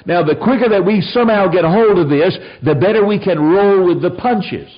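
A man preaching a sermon in a folksy, emphatic way, full of quick asides. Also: high-pitched, animated. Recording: dull lo-fi radio broadcast.

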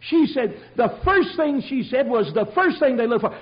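A man preaching an animated sermon, telling the story in a folksy way and swinging from loud to hushed. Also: very high voice, fairly quick, hardly any pauses. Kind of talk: animated sermon with acted-out voices. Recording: dull lo-fi sermon recording.

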